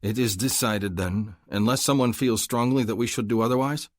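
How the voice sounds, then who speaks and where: A man voicing a calm, weary alien chief who speaks in a measured way in an audiobook. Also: lowish voice, no room sound, pitched above the performer's own voice, lightly acted. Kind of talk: audiobook character voice.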